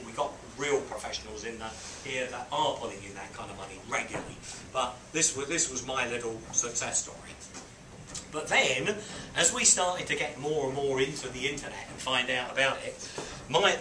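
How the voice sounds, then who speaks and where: On a boat, in a roomy space, a man mentoring a small group tells them a story, acting out voices and beeping sounds. His voice is medium-pitched. The mic sits at a distance, the audio is roomy with faint ambience, and the background is noisy.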